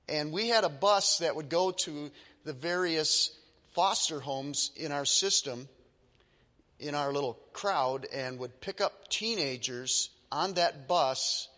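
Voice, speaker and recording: A man's voice: a little high, bright, forceful tone, long reverb tail. A male pastor preaching a sermon with emphatic, dramatic storytelling.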